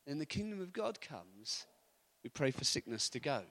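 A man preaching, telling stories in a lively, anecdotal way and chuckling often. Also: on the high side, moderate pace. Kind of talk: storytelling sermon.

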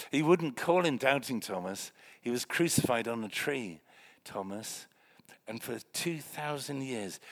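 An older man preaching a lively, joking sermon in a church meeting room, swinging between loud exclamations and hushed remarks. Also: mid-range voice, creaky.

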